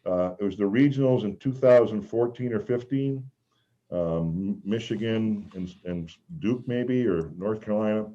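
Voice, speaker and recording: A man's voice: on the low side, normal speed. A man telling rambling stories as a former mascot guest on a video call. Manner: rambling, animated, shouts out quoted lines. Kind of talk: casual storytelling on a video call. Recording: dull lo-fi video call audio.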